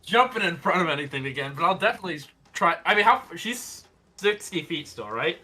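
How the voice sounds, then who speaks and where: A man's voice: fairly high pitch, big pitch swings, a little fast, bright, forceful tone, husky. A man playing a tabletop game, laid-back and joking with the table. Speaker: player. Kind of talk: tabletop game play, casual chat.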